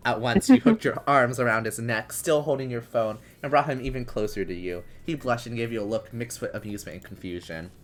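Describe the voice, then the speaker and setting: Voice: mid-range voice, brisk, few pauses. A host narrating an interactive story in second person, laughing now and then while reading.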